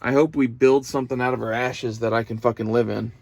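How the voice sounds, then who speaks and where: Young guy rambling and swearing a lot, dry close sound, pitch about average. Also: fairly even intonation, fast, gravelly, a little mellow, no room sound. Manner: profane, meandering, emotional. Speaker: vlogger. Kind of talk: casual rambling monologue.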